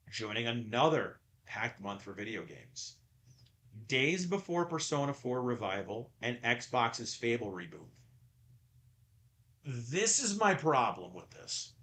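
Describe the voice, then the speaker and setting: A man's voice: mid-range voice, animated, unhurried, sharp tone. A man hosting a podcast in casual chat, rambling and often stammering over repeated words. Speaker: podcast host.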